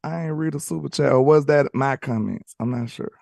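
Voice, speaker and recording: A man's voice: medium pitch, brisk, a little mellow, no room sound, studio quality. A man from Alabama, co-hosting a casual livestream and reading viewers' comments aloud. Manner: gravelly, easygoing, reading chat comments aloud. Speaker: co-host.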